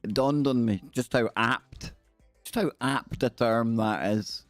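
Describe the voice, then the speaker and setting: A man's voice: medium pitch, takes it slowly, no echo, soft background music. A Scottish man hosting a live stream in casual, jokey, rambling chat. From Scotland.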